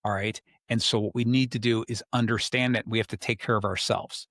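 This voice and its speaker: A podcast host with a fairly low, slightly bright voice talks fairly quickly in a steady tone, giving casual relationship advice. He keeps it conversational and performs the lines of the people he quotes. The audio is studio quality with no echo.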